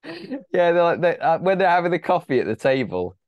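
A man with a slightly raised, very lively voice, swinging up and down as he jumps in with enthusiastic comments. He laughs easily between remarks. The sound is dry and close, with no room around it. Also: a little high, fairly quick, no room sound, muffled recording. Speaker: podcast co-host. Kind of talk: casual chat about a film.

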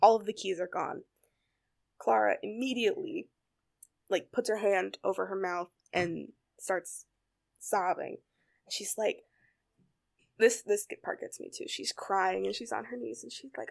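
Casual female storyteller with a gravelly edge, filler-heavy recap. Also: medium pitch, a little slow, long pauses. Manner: animated retelling with many fillers. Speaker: storyteller retelling a TV episode. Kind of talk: casual chat.

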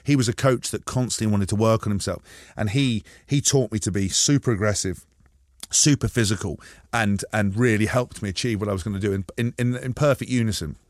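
Fast-talking, low-voiced storyteller man. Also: dry recording, clean studio sound. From England. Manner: animated, jokey, acts out quoted voices. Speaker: former rugby player, guest. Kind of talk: casual storytelling on radio.

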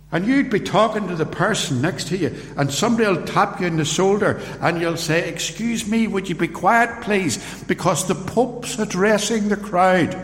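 A man preaching a sermon, telling the story slowly and acting out the quoted voices. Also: a little high, a bit bright. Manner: slow, deliberate storytelling with acted-out quotes. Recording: roomy hall with long reverb.

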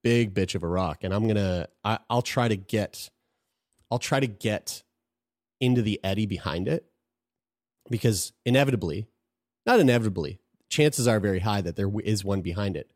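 A man's voice: on the low side, normal speed, darkish tone, dry recording, studio quality. A man telling a personal story in casual conversation, frank and profane, often restarting his sentences.

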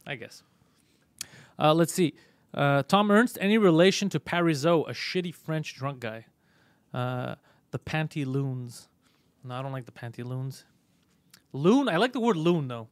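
A man's voice: fairly high pitch, expressive, unhurried, pauses often, clean tone, no room sound. A man hosting a podcast in casual chat, laid-back and self-mocking, swearing freely. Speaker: podcast host.

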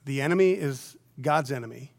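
A middle-aged man preaching a sermon, moving from soft, near-whispered lines to loud, emphatic peaks. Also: mid-range voice, brisk, creaky. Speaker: pastor.

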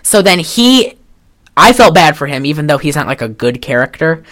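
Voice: medium pitch, big pitch swings, moderate pace, a bit bright. A podcast co-host in a casual chat, retelling a film with lots of fillers and restarts. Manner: rambling, chatty, with many fillers and restarts.

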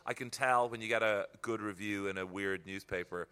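Casting note: man comic, low bright voice, reflective storyteller. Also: steady tone, a little fast, clean tone. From Ireland. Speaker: comedian guest. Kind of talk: casual chat.

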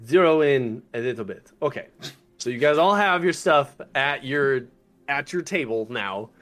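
A man running a tabletop game as game master, lively and often laughing, exasperated at his players. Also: medium pitch, normal speed.

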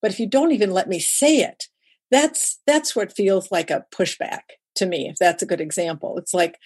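Animated woman telling stories in an interview. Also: medium pitch, fairly quick, breathy edge. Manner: lively storyteller who acts out quoted dialogue. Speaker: guest, writer and speaker. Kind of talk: conversational interview storytelling.

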